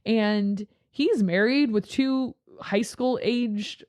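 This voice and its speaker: A woman youth pastor chatting casually, telling lively stories and jumping into high voices when she quotes people. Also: takes it slowly. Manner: animated storyteller, jumps into high voices when quoting others. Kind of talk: casual podcast chat.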